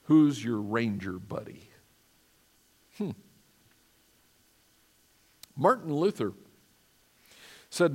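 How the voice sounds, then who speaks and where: Emphatic preacher in a reverberant church. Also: male voice, medium pitch, darkish tone. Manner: earnest, emphatic preaching that asks the congregation for responses. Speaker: pastor. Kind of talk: sermon. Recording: long reverb of a church hall.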